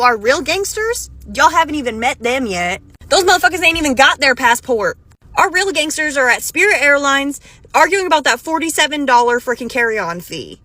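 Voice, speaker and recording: A sassy American woman roasting tourists with profane, mocking humor. Her voice sits high and sounds bright and sharp. The recording is close and dry. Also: no echo. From United States. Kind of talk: comedic social media rant.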